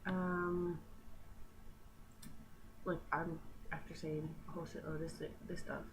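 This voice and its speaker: Teen girl, Newfoundland accent, chatty and rambling, slightly low voice, noisy home recording. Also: little pitch movement, unhurried. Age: teens. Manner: chatty, rambling, swears casually. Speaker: vlogger. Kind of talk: casual talk to camera.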